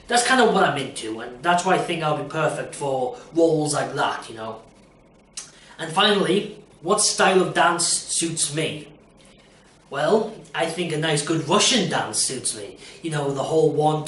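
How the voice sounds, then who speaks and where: A man's voice: a little high, fairly bright tone, far from the mic, slight background noise. A young man rambling jokily about auditions and performing, with lots of fillers, recorded in an echoey room away from the mic. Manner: rambling, jokey, lots of "you know". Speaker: aspiring performer. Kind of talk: casual self-recorded audition talk.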